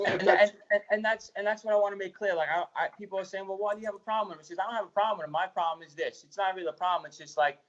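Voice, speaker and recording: A man talks quickly and bluntly in a played podcast clip, stumbling and restarting as he goes. His voice sits fairly high, and the sound is a little dull. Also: steady tone. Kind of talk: casual chat.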